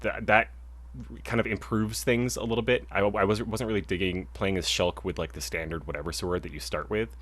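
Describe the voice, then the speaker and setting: A young video game podcast co-host talks casually and rambles, restarting often and using many fillers. His voice is on the low side and a bit bright, steady in tone and fairly quick.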